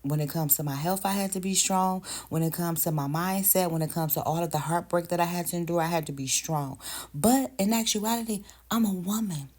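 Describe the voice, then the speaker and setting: A woman past thirty-five talks straight into her phone, emphatic and conversational. Her voice sits on the low side. She calls her listeners baby and sis. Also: brisk, darkish tone. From United States. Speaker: vlogger. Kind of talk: direct-to-camera rant.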